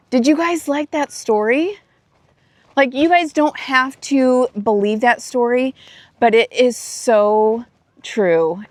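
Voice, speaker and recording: Woman vlogger, earnest storytelling, slow unhurried pace, dry close sound. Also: on the high side, no room sound. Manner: earnest, emotional, with frequent fillers and restarts. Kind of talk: casual storytelling while hiking. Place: outdoors on a hiking trail.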